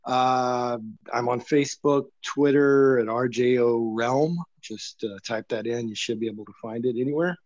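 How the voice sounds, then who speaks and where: A man's voice: medium pitch, steady tone, normal speed, a little mellow, no echo. Brief: middle-aged man, blunt and wry, self-mocking guest, dry and dull-sounding remote line. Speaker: guest author. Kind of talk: casual interview chat.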